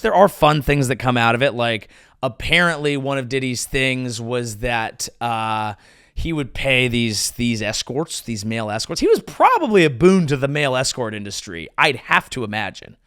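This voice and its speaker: A male comedian hosting his own podcast, riffing crude jokes in an animated monologue on a close mic. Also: mid-range voice, clean tone, dry recording. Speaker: comedian host.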